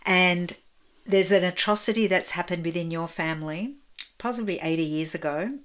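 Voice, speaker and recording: A woman interviewing a guest, asking long reflective questions slowly and gently with spiritual phrasing. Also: on the low side.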